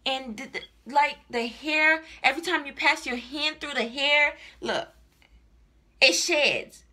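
Slow-talking, bright-voiced exasperated woman. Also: high voice. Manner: exasperated, repeats herself, swears. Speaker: hair reviewer vlogger. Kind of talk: casual ranting product review.

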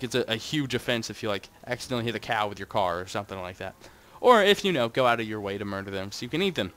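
Chatty young man with a lively voice. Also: slight background noise. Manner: rambling and chatty, talks to his audience, jumps between wild highs and mutters. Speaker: Minecraft gaming channel host. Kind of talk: casual gameplay commentary.

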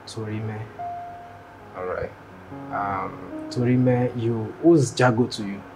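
Guy doing a flirty dude, coaxing, stumbling over words, guitar music loud behind. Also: lowish voice, steady tone, slow pace, low-quality recording. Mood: flirting. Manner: smooth, coaxing, hesitant.

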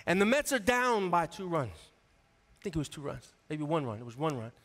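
A man's voice: a little high, sing-song, normal speed, a bit bright. A man in his forties from the New York area, an associate pastor preaching a sermon in a conversational, storytelling way and calling out to his congregation. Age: 40s. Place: church sanctuary. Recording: long reverb of a church hall.

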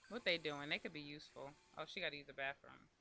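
A man's voice: on the high side, quick pace, creaky, pushed and bright, slight background noise. A man hosting a casual let's play, chatting to the game characters and to viewers as he plays. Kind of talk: casual gameplay commentary.

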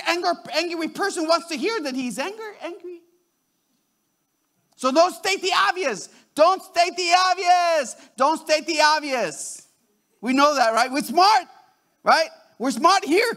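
Male pastor, very high, bright tone, wide swings in pitch, animated and repetitive sermon delivery. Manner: animated, repeats words and restarts, acts out little quotes.

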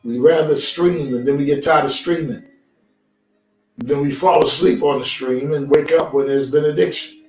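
A man leads a streamed sermon as pastor, his voice on the high side with a darkish tone and a normal speaking speed. He engages the congregation in a conversational style, calling for responses, while distant, roomy sanctuary acoustics carry faint background music.

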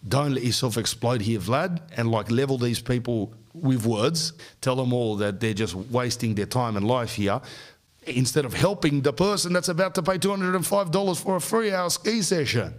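A man's voice: mid-range voice, moderate pace. Exasperated middle-aged man telling a story. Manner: animated, exasperated ranting. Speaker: podcast host. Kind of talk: comic storytelling.

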